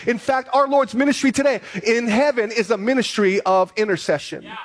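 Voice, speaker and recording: A pastor preaching to his church, reading scripture aloud slowly and then building to an emphatic appeal. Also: extremely high pitch. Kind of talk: sermon.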